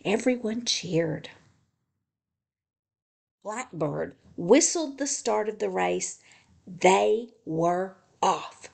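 A woman librarian reading a children's picture book aloud in a gentle, expressive storytelling manner. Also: mid-range voice, drawn-out words, vocal fry, pauses often.

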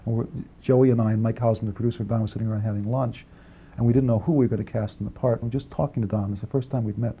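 A man being interviewed about his film work, talking quickly in long rambling answers with many restarts and asides, on an old archival tape. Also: lowish voice, fairly even intonation, breathy edge. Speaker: film writer and director, interview guest. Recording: dull archival 1980s interview tape, faint hiss.

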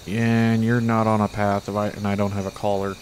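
A man with a lowish voice giving relaxed, chatty commentary over his own gameplay. He talks to the animals on screen and swears only mildly. A faint hiss of noise sits under the recording. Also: brisk. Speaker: gaming channel host.

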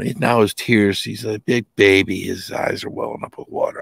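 A man from New England with a Boston accent, a podcast guest telling rambling, animated anecdotes in casual conversation. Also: on the low side, brisk, gravelly, hardly any pauses, slight background noise. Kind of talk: casual storytelling.

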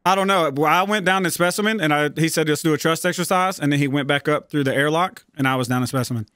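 A man's voice: fairly high pitch, fast talker, fairly bright tone, clean tone, dry recording, clean studio sound. A man hosting casual voice chat during an online multiplayer game, laid-back and joking as he explains where he went. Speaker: channel host and gamer.

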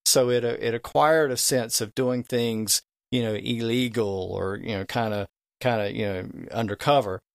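A man's voice: medium pitch, fairly even intonation, moderate pace, vocal fry, dry recording, clean studio sound. A man on a podcast, a guest expert explaining the history of English and stretching out vowels to demonstrate old pronunciations.

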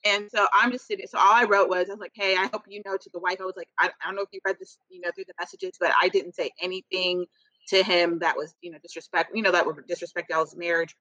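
A woman co-hosting a podcast, telling a story in blunt, animated casual chat and laughing often. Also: on the low side, fast talker, no room sound, rough recording. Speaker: podcast co-host.

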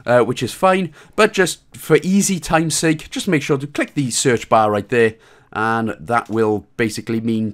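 A man with a Welsh accent giving a casual, joking game walkthrough, swearing a little and calmly repeating his instructions. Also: mid-range voice, normal speed. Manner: irreverent, joking, mild swearing. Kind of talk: casual commentary over gameplay.

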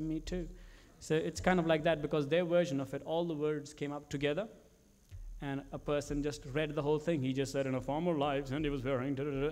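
A man with a slightly higher-than-usual voice recounts his work as a commercial director. He talks in an animated way and often restarts his sentences or adds fillers. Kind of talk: reflective storytelling about his work.

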